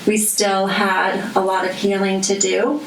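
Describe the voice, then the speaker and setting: A woman's voice: medium pitch, flat delivery, measured pace. A woman guest thoughtfully reflecting on her story in an interview. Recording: echoey, distant, faint noise.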